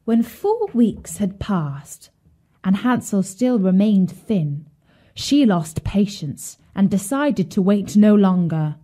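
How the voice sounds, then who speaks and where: A woman narrating a children's fairy tale in an expressive storytelling voice. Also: mid-range voice, takes it slowly.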